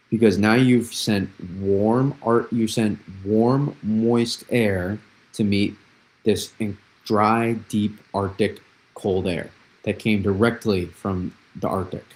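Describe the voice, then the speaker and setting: A man's voice: fairly low pitch, a little mellow, poor audio. A young man hosting a live weather analysis stream, explaining patterns with repeated phrases and frequent restarts. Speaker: weather forecaster, host.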